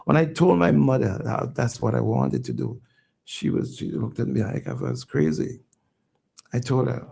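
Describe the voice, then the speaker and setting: A man, a radio station owner telling his story as a guest, halting and repeating words when moved. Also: medium pitch, very animated, creaky, warm tone, husky. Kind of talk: emotional personal storytelling.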